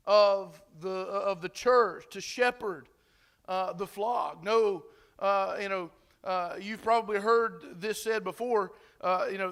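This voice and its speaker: A man with a high, bright, forceful voice preaches to his congregation as their pastor. His sermon is loose and conversational, full of fillers and restarts, and he keeps putting questions to the listeners.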